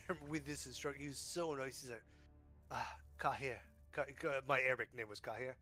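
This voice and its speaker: A man in his thirties chats casually while gaming, swearing and mocking himself with easy humor. His voice is bright and carries a middle pitch. Faint music plays under the talk. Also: quick pace. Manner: joking, swearing, self-mocking. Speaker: podcast co-host.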